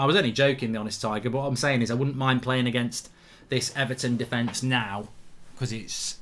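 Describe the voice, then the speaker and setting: Chatty opinionated guy doing live footy watchalong commentary, mid-pitched. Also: fairly quick, fairly bright tone. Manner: opinionated, chatty, reacts to match and reads viewer comments. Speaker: host.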